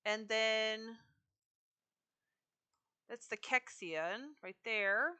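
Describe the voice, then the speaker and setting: A woman streams a game and chats casually with her viewers as she works. Her voice is fairly high, bright and forceful. She talks in a loose, chatty way and answers the chat as she goes. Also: extremely slow, clear, resonant tone. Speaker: live streamer.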